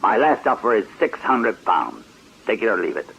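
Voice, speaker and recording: A smooth, wry fraud detective. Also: male voice, on the low side, big pitch swings, fairly bright tone, a little hiss or hum, exaggerated voice. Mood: coaxing. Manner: smooth, unhurried, politely mocking. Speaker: detective sergeant. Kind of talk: radio drama acting. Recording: dull lo-fi archive radio recording.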